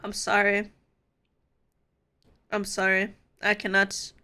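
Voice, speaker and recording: A woman's voice: medium pitch, monotone, slow, bright, forceful tone. A woman live-streaming in casual chat, playful and giggly, swearing freely.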